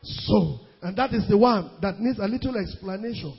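A male preacher delivering an emphatic sermon. He stretches scripture quotes out slowly and rises into shouts. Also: high-pitched, animated, creaky, husky. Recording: lo-fi recording in a reverberant hall.

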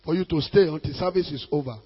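A Nigerian man preaching a sermon as a pastor, emphatic, with sudden loud bursts. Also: fairly high pitch, fast, breathy edge, long reverb tail, dull audio.

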